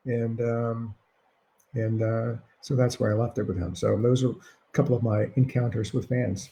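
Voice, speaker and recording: Male author, gravelly low-key voice, wry self-deprecating storyteller, casual video-call chat from home. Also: steady tone, normal speed, mellow. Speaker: author answering reader questions. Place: at home during lockdown.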